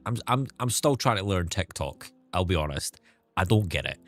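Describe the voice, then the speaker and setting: A young man with a softened Scottish accent chats on a livestream in a very low voice. He rambles candidly, restarts his sentences often and lets a swear word slip now and then. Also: sing-song, normal speed, soft background music. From Scotland. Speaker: streamer. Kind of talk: casual livestream chat.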